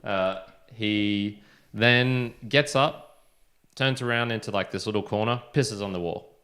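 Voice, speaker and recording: A young man with a fairly low voice, telling a story in a relaxed podcast chat. He rambles with plenty of fillers and slips into quoted voices for the people in it. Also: a little slow. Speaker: podcast co-host.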